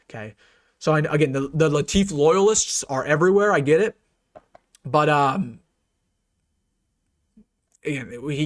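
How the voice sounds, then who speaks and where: A young man hosting a sports fan channel, ranting casually and earnestly with many restarts and repeated phrases. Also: fairly high pitch. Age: young adult. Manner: earnest and repetitive, many restarts, turns loud and taunting. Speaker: sports YouTuber and host. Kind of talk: casual fan rant to a live stream.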